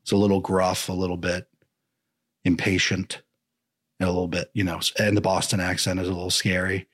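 A man's voice: deep voice, little pitch movement, a little fast, a bit bright, breathy edge. A man co-hosting a comedy podcast, chatting casually and rambling with lots of fillers. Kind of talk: casual chat.

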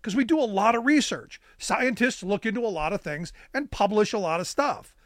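A man with a high, very lively voice talks politics as a co-host, sarcastic and quick to repeat himself when he gets going. The sound is dry and close, with no room around it. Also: no echo. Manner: sarcastic, animated, repeats words when starting. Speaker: podcast co-host. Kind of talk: political talk chat.

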